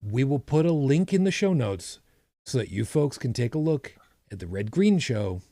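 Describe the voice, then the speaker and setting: A man's voice: medium pitch, sing-song, normal speed, warm tone, dry recording. A man co-hosting a podcast, chatting casually with a rambling, self-correcting manner and dry humor. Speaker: podcast co-host. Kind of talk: casual chat.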